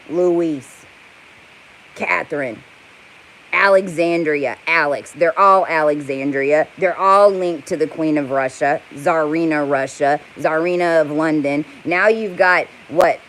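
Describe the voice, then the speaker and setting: A woman's voice: low voice, takes it slowly, a bit bright, a little hiss or hum, rough recording. A woman delivering an angry, profane, rambling rant to camera. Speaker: vlogger. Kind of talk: heated monologue to camera.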